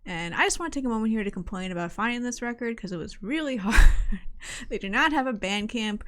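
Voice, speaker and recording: A woman's voice: a little high, animated, quick pace, a bit bright. A woman co-hosting a podcast, reviewing a metal album in casual, wry chat. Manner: chatty, wry, laughs often.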